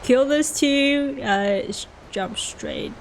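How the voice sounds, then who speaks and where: Speaking slowly in a high voice with vocal fry, a young Australian woman streams a game as faint noise sits behind her. She's chatty and casual, responding to chat between moves as she plays.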